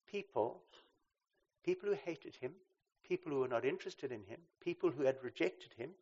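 A man preaching a sermon. He swings between loud emphasis and quiet asides and keeps checking in with "right?". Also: a little high, breathy edge. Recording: slightly dull lo-fi recording.

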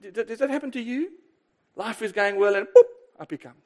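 High-voiced male preacher, emphatic. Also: fairly quick. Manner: emphatic, with rhetorical questions to the congregation; lively, alternating loud bursts and quiet asides. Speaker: pastor. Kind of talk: sermon.

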